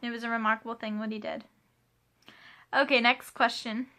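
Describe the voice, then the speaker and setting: Bright chatty young woman vlogger. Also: a little high, flat delivery, normal speed. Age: 20s. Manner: chatty, rambling, laughs and asides. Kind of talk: casual chat answering a question tag. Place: home room with a pet playing.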